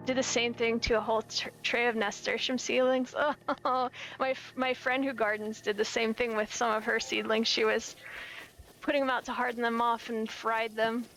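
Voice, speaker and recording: A woman's voice: a little high, a bit bright, low-quality recording. A young woman chatting casually while streaming a game, giggly and self-deprecating. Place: home, lives in California.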